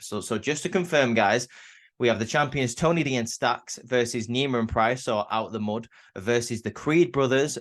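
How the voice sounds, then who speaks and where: A man casually recapping a wrestling show, talking loosely with lots of fillers and restarts. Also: mid-range voice. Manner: chatty, many fillers and restarts.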